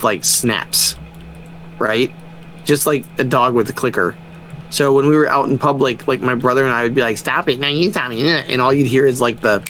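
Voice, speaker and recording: A man, a father of young kids, in casual podcast chat, telling animated stories, swearing freely and laughing often. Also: mid-range voice, a little hiss or hum, rough recording. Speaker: podcast co-host.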